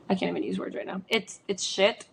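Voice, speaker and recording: A woman's voice: medium pitch, steady tone, moderate pace, vocal fry, slight background noise. A woman who is sick, hosting a casual solo podcast from home into a microphone, chatty and rambling with many fillers. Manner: chatty, rambling, lots of likes and ums. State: sick with a chesty cough. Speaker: podcast host. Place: home room. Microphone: studio microphone.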